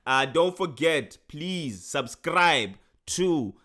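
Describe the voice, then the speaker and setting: A man's voice: on the high side, lively intonation, drawn-out words, sharp tone. A young man co-hosting a podcast, chatting casually with frequent laughs and repeated words. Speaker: podcast co-host. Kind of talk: casual chat.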